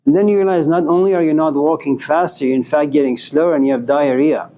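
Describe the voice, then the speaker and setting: Older male lecturer in his sixties, chatty and animated, slightly raised pitch, light background noise. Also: fast. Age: 60s. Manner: conversational, animated, acts out quoted voices. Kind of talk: philosophy lecture.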